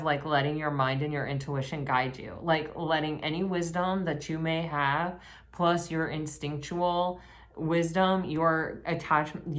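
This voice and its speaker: A woman with a low-pitched voice talks through a tarot reading. She rambles casually and often restarts her sentences. Now and then she breaks into excited exclamations. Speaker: tarot reader.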